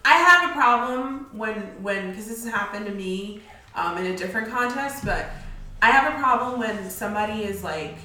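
A woman's voice: medium pitch, animated, moderate pace, bright, forceful tone, far from the mic. A woman co-hosting a podcast, giving an earnest, thoughtful opinion in casual chat. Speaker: podcast co-host. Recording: very echoey room, off mic.

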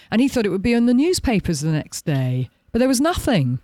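A podcast co-host with a very high-pitched voice animatedly retells events from a documentary, acting out the quotes in a casual chat. He talks briskly with few pauses, and the clean studio sound has no echo.

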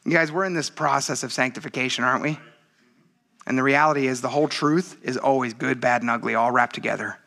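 A man's voice: mid-range voice, fast, vocal fry. A man in his thirties preaching a conversational midweek sermon, telling stories and reading scripture aloud. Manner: conversational, animated storytelling with laughs. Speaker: pastor.

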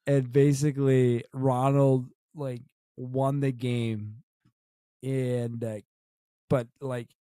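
A man's voice: medium pitch, flat delivery, takes it slowly, warm tone, dry recording, clean studio sound. A young adult man co-hosting a podcast, chatting casually and rambling with many restarts and fillers. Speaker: podcast co-host. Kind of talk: casual chat.

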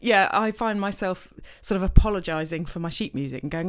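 A middle-aged woman, chatting casually as a podcast co-host, self-deprecating and quick to laugh. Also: on the low side, clear, resonant tone. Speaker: podcast co-host, choir leader. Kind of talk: casual chat.

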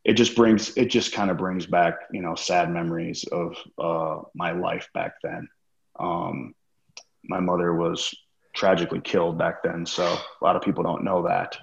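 A man's voice: low-pitched, steady tone, normal speed, vocal fry. A man, a former wrestler as podcast guest, telling a profane story and acting out what others said. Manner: profane, acts out quoted dialogue. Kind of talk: casual storytelling interview. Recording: roomy, dull lo-fi sound.

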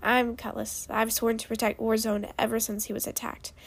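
A woman's voice: fairly high pitch, little pitch movement, moderate pace. Polite, stiff dragon bodyguard, hesitant and formal, read by a woman.

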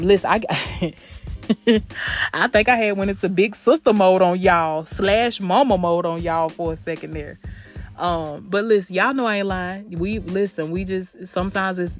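Emphatic woman podcast host, low voice. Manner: emphatic, affectionate, calls listeners baby and honey. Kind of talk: motivational talk. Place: podcast studio.

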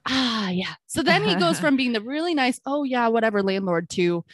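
A woman co-hosting a podcast tells a story in casual chat, her voice a little high and brisk with hardly any pauses, recorded dry. She animatedly acts out the back-and-forth of a conversation, peppering the quoted exchanges with "I'm like".

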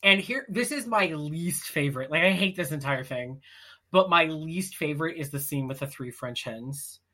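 A woman's voice: sits low, normal speed, sharp tone. A woman co-hosting a podcast, recapping a film in blunt, mocking casual chat. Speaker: podcast co-host.

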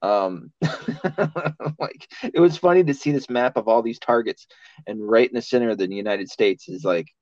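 A man's voice: mid-range voice, moderate pace, darkish tone, dry recording. A man in casual podcast chat, talking in a rambling, profane way and laughing often. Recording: dull lo-fi sound.

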